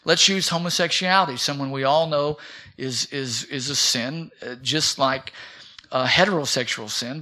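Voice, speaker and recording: A middle-aged man preaching a sermon in a church, rousing, calling for amens and swinging between loud and soft. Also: medium pitch. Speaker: pastor. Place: church sanctuary.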